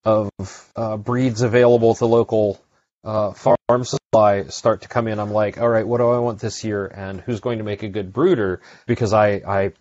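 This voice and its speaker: A man's voice: on the low side, little pitch movement, moderate pace, darkish tone, no echo. A man hosting a podcast, chatting casually and rambling with lots of fillers and restarts. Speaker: podcast host. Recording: dry, dull lo-fi sound.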